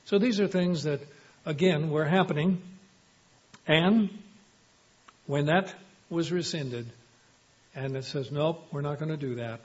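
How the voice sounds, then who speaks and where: A man preaching a sermon, measured and emphatic, often quoting scripture. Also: on the high side, a little mellow, slightly rough. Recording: dull lo-fi recording.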